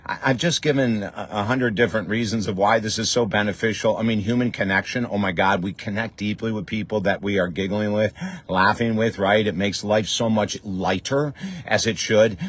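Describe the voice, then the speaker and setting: A man's voice: fairly low pitch, fairly even intonation, moderate pace. Enthusiastic man hosting a podcast. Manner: enthusiastic, many fillers and restarts. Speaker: podcast host. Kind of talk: casual monologue.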